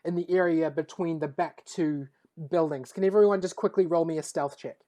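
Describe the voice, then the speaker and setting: A woman running a tabletop game as game master, relaxed and hesitant, with lots of fillers. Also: low-pitched, fairly quick.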